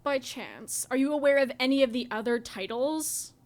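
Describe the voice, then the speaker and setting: A woman's voice: sits high, moderate pace. Sarcastic woman podcast co-host. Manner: sarcastic, many "like" fillers. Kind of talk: casual chat.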